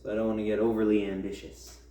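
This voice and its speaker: A man's voice: lowish voice, flat delivery, racing, warm tone, slight background noise. A young man and college student chatting casually at home during a workout, rambling and ranting with lots of fillers. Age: young adult. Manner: rambling, grumbling rants with many fillers. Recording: roomy, distant mic, faint ambience.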